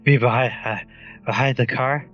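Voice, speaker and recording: A man's voice: mid-range voice, steady tone, moderate pace, a bit bright, muffled recording, faint music behind. A man playing a tabletop game in a jokey, playful way. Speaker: player. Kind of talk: casual tabletop play.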